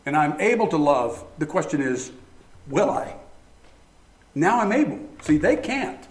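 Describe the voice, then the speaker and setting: A man preaching a sermon, animated, asking the congregation rhetorical questions. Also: on the high side, measured pace. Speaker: pastor. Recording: echoey room.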